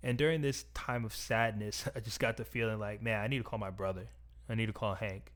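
A young man telling a personal story in a reflective, earnest, soft-spoken way. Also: on the low side, fairly even intonation, brisk.

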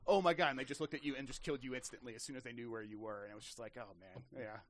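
A man's voice: mid-range voice, very fast, no echo. A man in casual podcast chat about games, telling stories with lots of restarts and acted-out quotes. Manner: animated storyteller, many restarts, acts out quotes.

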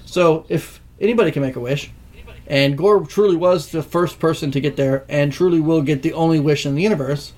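High-voiced man ranting about a movie. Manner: ranting, profane, animated. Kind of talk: casual movie discussion.

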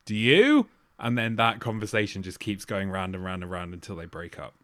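A man's voice: deep voice, brisk, dry recording, studio quality. A man, co-hosting a casual chat and swearing freely. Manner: sweary, animated impressions of others. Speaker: podcast co-host.

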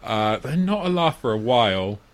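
A man at an ordinary middle pitch talks through a comedy film in casual chat, amused and laughing as he goes. He breaks into loud, squeaky put-on voices whenever he quotes a line. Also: very animated, normal speed. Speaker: podcast co-host.

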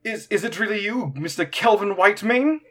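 Excitable fantasy arena announcer, male, gushing fan energy, pitched up high, played by a man. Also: normal speed, lightly acted. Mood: starstruck. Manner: gushing, breathless fan, rambling.

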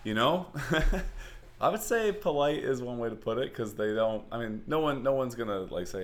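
A man's voice: mid-range voice, expressive, moderate pace. A man with a stuffy nose telling a wry, rambling story in casual chat, laughing between phrases. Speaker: podcast co-host.

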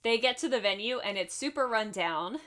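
On this casual movie-recap podcast, the female co-host runs through a film's plot breezily, with plenty of laughter and profanity. She speaks at a moderate pace in a fairly high, animated voice with a fairly bright tone.

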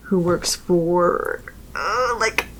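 A woman's voice: lowish voice, drawn-out words, fairly bright tone. A woman co-hosting a podcast, chatting casually, laughing often and restarting her sentences. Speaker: podcast co-host. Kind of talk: casual chat.

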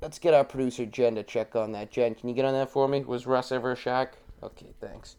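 A man's voice: mid-range voice, fairly even intonation, fairly quick, dark tone, clear, resonant tone. A man co-hosting a podcast in casual chat, crude and jokey, laughing often. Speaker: podcast co-host.

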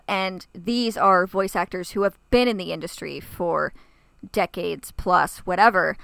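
A woman's voice: mid-range voice, gravelly, a bit bright, clear, resonant tone, dry recording. A woman co-hosting a podcast, chatting casually and gushing with enthusiasm. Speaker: podcast co-host. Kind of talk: casual chat.

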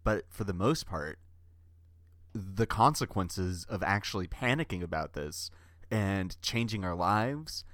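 A man's voice: lowish voice, fairly bright tone, dry recording, clean studio sound. A man co-hosting a comedy podcast, making grand, doom-laden pronouncements with mock seriousness. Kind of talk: deadpan comedy banter.

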